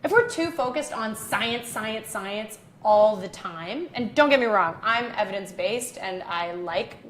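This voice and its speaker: A woman speaks as a naturopathic doctor co-hosting a live health debate. She explains in an animated way and greets viewers as she reads their comments. Her voice carries a roomy studio echo over a faint ambient hum. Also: medium pitch, a little slow.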